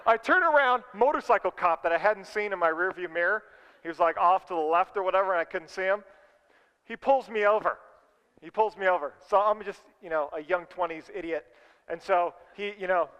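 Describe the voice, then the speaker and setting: Middle-aged male pastor, high and smooth, animated storyteller in a sermon, long reverb. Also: brisk, highs cut off. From California. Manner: animated storyteller, acts out his own voice.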